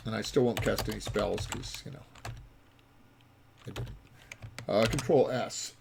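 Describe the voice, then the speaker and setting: A man's voice: on the low side, unhurried, vocal fry, long pauses, music in the background. A man who designed the game, giving let's play commentary while he plays it, rambling and full of ums and uhs. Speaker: game designer playing his own game.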